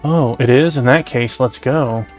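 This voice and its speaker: A man reading the part of a flirtatious adult man who sweet-talks every woman, with flowery, theatrical flattery. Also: mid-range voice, a little slow, soft background music, lightly acted. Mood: wheedling.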